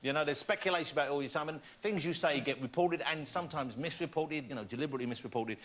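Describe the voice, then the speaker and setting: A man's voice: fairly high pitch, rapid-fire. A man hosting a chat show, teasing his guests in a playful, jokey way. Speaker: talk show host. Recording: studio with loud audience and noise.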